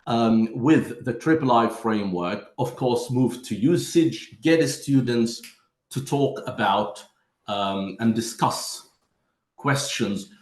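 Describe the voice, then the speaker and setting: A man's voice: on the low side, reverberant. A man giving a lesson to teachers, explaining step by step and calling his listeners "my friends". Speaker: teacher trainer.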